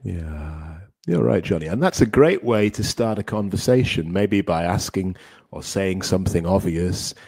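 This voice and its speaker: A man teaching English grammar in a casual podcast chat, explaining clearly and encouraging his co-host. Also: sits low, expressive, a little slow, darkish tone, no room sound.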